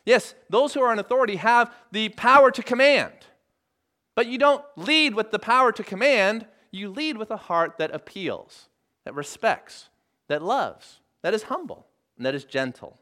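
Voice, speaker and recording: A man's voice: sits high, lively intonation, moderate pace, sharp tone. A male pastor preaching a sermon, earnestly putting rhetorical questions to his listeners and repeating phrases for emphasis.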